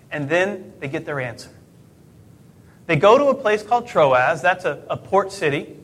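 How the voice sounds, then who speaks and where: A man's voice: sits high, expressive, moderate pace, a bit bright. A middle-aged man preaching a sermon in a conversational way, asking rhetorical questions and correcting himself mid-sentence. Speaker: pastor.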